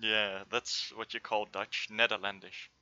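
A young man cracking jokes in relaxed gaming banter, his voice sharp and very bright. He sits a little low and comes through a dull, lo-fi voice-chat line. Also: measured pace. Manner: joking, laughing, wisecracks. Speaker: gamer.

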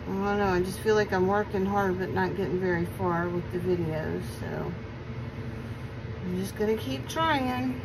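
At a normal speed and medium pitch, a woman chats with her viewers while crafting with resin at her home table, joking at her own expense. Her phone camera picks up background noise.

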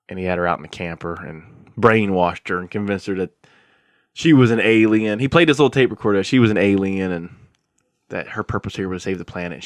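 A man's voice: deep voice, dry recording, clean studio sound. A man hosting a podcast in casual chat, retelling a story with lots of swearing and laughter. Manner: animated storyteller, swears freely, breaks into laughter. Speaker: podcast host.

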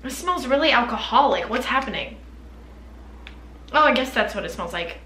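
Bright, chatty young woman vlogging. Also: fairly high pitch, animated, moderate pace, reverberant. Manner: chatty, candid, lots of fillers. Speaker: beauty vlogger. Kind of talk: casual chat.

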